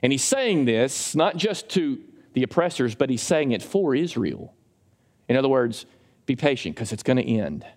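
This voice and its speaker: A middle-aged male pastor preaching a sermon in a church, conversational and emphatic, with sudden jumps in pitch. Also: very animated, moderate pace, darkish tone. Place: church sanctuary. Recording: long hall reverb.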